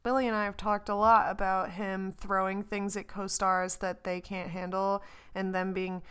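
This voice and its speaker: Smooth-voiced woman podcaster. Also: medium pitch, level tone, normal speed, fairly bright tone. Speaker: podcast co-host. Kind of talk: casual film discussion.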